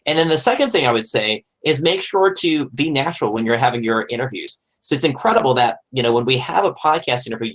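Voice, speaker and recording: A man, a podcast host, speaking as a guest on an online panel in a relaxed, conversational way with frequent fillers. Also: mid-range voice, poor audio. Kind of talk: casual panel discussion.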